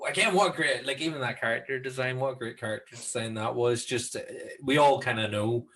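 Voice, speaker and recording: A man with a Northern Irish accent co-hosting a casual horror film review chat, chatty and quick to laugh. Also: mid-range voice, fairly bright tone. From Northern Ireland. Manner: chatty, laughs often, playful. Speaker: podcast co-host.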